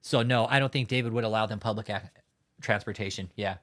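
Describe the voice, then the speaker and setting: A man's voice: lowish voice, fairly even intonation, fast, a bit bright. Profane, laughing livestream host man. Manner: profane, mocking, laughs often. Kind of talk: casual livestream chat reading viewer comments.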